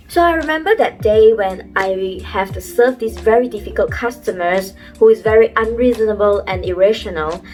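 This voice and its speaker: A young woman talking earnestly to camera and giving advice, acting out the thoughts she quotes. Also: mid-range voice. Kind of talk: motivational talk to camera. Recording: faint music behind.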